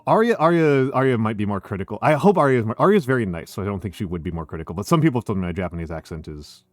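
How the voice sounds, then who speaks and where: A man's voice: lowish voice, animated, racing, no room sound, soft background music. A male streamer hosting a casual chat, rambling with many fillers and restarts. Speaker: streamer and host.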